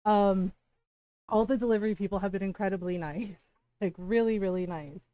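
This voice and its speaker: Her mellow, mid-range voice moves at a moderate pace as she tells a story on her livestream. She's chatty and casual, leaning on "like" and "right?" and swearing freely when exasperated.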